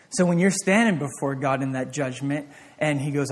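Male pastor, slightly high voice, conversational sermon that acts out dialogue. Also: moderate pace.

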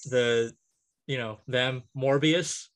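Podcast guy just rattling off a list, lots of ums, kinda chuckly, average pitch. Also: fairly even intonation, slow. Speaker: podcast co-host. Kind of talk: casual chat.

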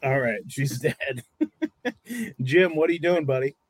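A man's voice: medium pitch, unhurried, no echo. A man in a casual podcast chat, joking darkly in a laughing tone.

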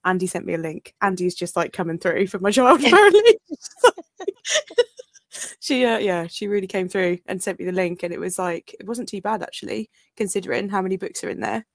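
A woman's voice: mid-range voice, moderate pace, no echo. Female co-host, bubbly chatty storyteller, dry close mic. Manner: bubbly, laughing, sweary storyteller. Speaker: podcast co-host. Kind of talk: casual chat.

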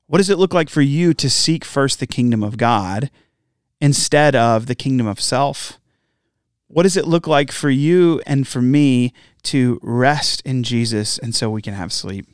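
A man's voice: medium pitch, unhurried, clear, resonant tone, no echo, studio quality. A man giving an earnest, conversational devotional talk as a pastor. He often asks his listeners direct questions and tags his points with "right?".

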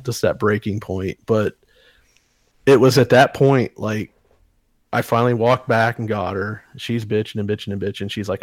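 A man's voice: fairly low pitch, steady tone, normal speed, dry recording. A man co-hosting a podcast, telling a story in casual, profane, heated chat. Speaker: podcast co-host.

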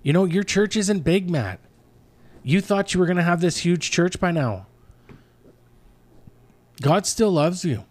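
A man's voice: high voice, expressive, measured pace, pauses often, a little mellow, no echo. Pastor guy in his 30s chatting, earnest, rambly, dry close mic. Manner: earnest, rambling, many restarts. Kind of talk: casual podcast chat.

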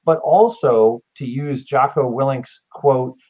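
A man's voice: medium pitch, slow, dark tone, dull audio. A man talking earnestly and reflectively in a casual podcast conversation, laying out his thoughts point by point. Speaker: guest.

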